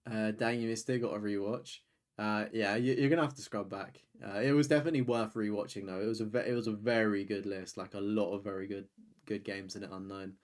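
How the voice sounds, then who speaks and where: A man's voice: fairly low pitch, fairly even intonation, brisk. A man, hosting a live stream and chatting casually with his viewers. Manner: rambling, chatty, reads and answers chat. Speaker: streamer host.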